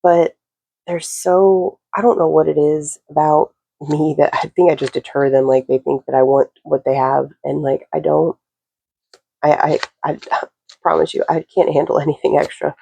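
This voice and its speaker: Gravelly, mellow woman rambling casually. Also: deep voice, level tone, normal speed, muffled recording. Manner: rambling, filler-heavy, casual swearing. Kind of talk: casual spoken reading to camera.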